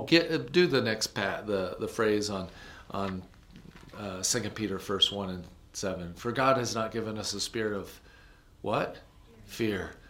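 A man preaching a sermon, moving between loud emphatic passages and hushed, low ones. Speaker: pastor.

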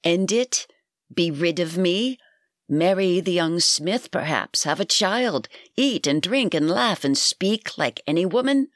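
A harsh, crafty old crone, voiced by a reader, hissing one moment and wheedling the next. She speaks at a middling pitch, as in a storybook read aloud. The sound is close and dry, with no room around it. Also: lively intonation, a little slow, a bit bright, dry recording. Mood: scornful. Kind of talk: storybook reading.

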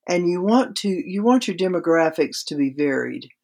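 A woman's voice: fairly low pitch, animated, moderate pace, gravelly, a little mellow. A woman guest on a podcast interview, explaining writing craft in a conversational way with practical examples.

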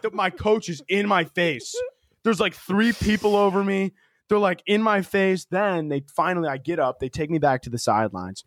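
A man's voice: high voice, brisk, no echo, studio quality. A young man co-hosting a podcast, telling a story in a loose, swearing way full of "like" fillers. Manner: animated storyteller, heavy "like" fillers, swears freely. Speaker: podcast co-host. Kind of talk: casual storytelling chat.

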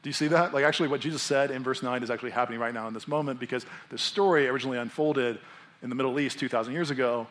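A man's voice: medium pitch, rapid-fire. A young adult man, a pastor preaching a sermon in a casual, conversational way, acting out the people in his story. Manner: animated, conversational, acts out characters.

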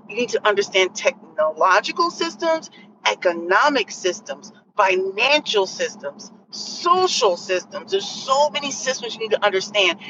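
A woman hosting a casual livestream, talking in an animated, rambling way and correcting herself mid-thought. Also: medium pitch, muffled recording, noisy background. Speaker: host.

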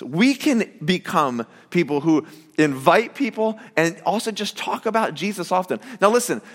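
A man with a notably high voice preaches in a loose, chatty way, stopping and restarting his sentences and leaning hard on "like" and "you know". His words carry the long reverb of a church hall. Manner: conversational, animated preaching with many fillers and restarts. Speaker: pastor. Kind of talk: sermon.

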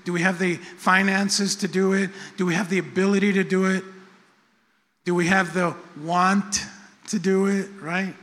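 A man's voice: sits high, flat delivery, moderate pace, a bit bright. A middle-aged man preaching a sermon, conversational and repetitive, with self-deprecating asides. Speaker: pastor. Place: church sanctuary. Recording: long church hall reverb.

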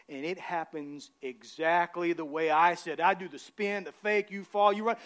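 A man preaching a sermon as pastor, telling humorous stories and rising to shouted emphasis. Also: high-pitched, brisk, few pauses.

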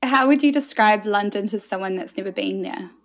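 A woman hosting a podcast interview, upbeat and quick to laugh, talking with her guest over a video call. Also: mid-range voice. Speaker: podcast host.

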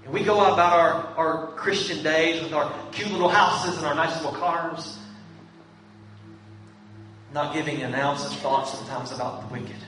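A man's voice: a little high, moderate pace, fairly bright tone, recorded from a distance, soft background music. A male pastor preaching a sermon in a church, pleading earnestly with the congregation. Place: church sanctuary. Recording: echoey church room from afar, faint hum.

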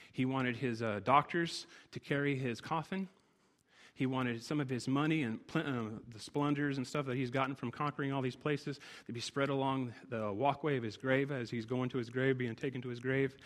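A man's voice: medium pitch, a bit bright, big-room sound. A man preaching a sermon to his church, driving points home with emphatic repeated phrases.

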